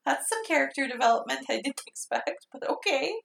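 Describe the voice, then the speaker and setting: A woman's voice: high voice, brisk, vocal fry. A woman co-hosting a casual movie recap, laughing often and acting out scenes as she retells them. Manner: laughs often, animated retelling with quoted voices. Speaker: podcast co-host. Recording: roomy echo.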